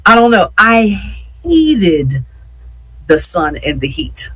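Husky-voiced chatty radio host. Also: medium pitch, very animated, takes it slowly, a bit bright, no echo, low-quality recording. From Yeadon, Pennsylvania. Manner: chatty, repeats words, addresses listeners as y'all. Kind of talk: casual chat with listeners.

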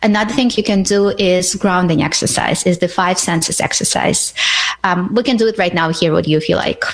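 Calm woman guiding breathing exercises. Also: lowish voice, fairly quick, vocal fry. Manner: calm, guiding, frequent "right?" tags. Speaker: guest expert on panic attacks. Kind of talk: calm instructional chat.

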